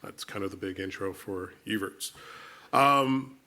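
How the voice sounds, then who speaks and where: A man presenting at an industry meeting, explaining briskly and posing questions to himself. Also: sits low, pushed and bright. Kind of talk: conference presentation.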